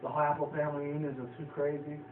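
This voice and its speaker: A man's voice: a little high, completely flat delivery, racing, a little hiss or hum. Rambling young-sounding man, tinny echoey lo-fi audio. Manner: rambling, loose and profane, chuckling often. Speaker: vlogger reviewing a cartoon episode. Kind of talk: casual rambling recap. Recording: tinny lo-fi, echoey, distant from the mic.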